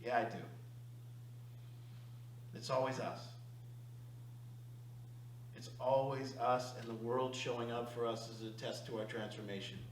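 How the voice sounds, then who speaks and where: A man coaching a recovery group, talking emphatically and confessionally, swinging between loud bursts and hushed asides. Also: medium pitch, fairly even intonation, normal speed, long pauses, roomy sound, slight background noise, low-quality recording. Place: meeting room.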